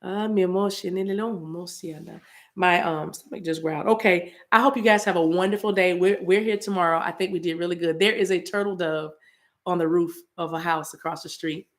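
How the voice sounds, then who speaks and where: A woman's voice: fairly low pitch, steady tone, brisk. A woman hosting her own livestream, signing off to her viewers in a rambling, affectionate way that repeats phrases. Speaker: channel host. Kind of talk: casual livestream sign-off.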